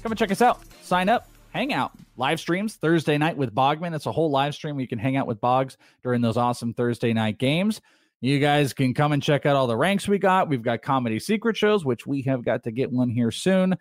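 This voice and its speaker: A man co-hosting a sports radio show, telling stories in a rambling, animated way with lots of restarts. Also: mid-range voice, a little fast, dry recording, studio quality, faint music behind. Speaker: podcast co-host. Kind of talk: casual sports radio chat. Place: radio studio.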